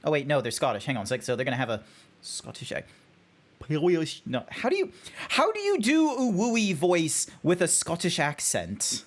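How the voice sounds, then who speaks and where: Animated Australian man streaming a game. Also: fairly high pitch, moderate pace. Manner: chatty, animated, talks to chat while playing. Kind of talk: casual gameplay commentary.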